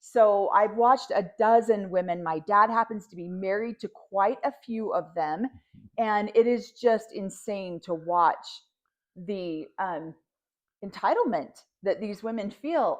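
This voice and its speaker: A woman co-hosting a podcast, reacting to a reality show with animated, indignant, exasperated commentary. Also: mid-range voice, slow. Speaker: podcast co-host.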